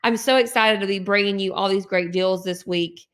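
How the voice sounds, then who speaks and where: A woman's voice: mid-range voice, fairly even intonation, moderate pace. A woman hosting a couponing channel, giving an upbeat, encouraging intro to the camera.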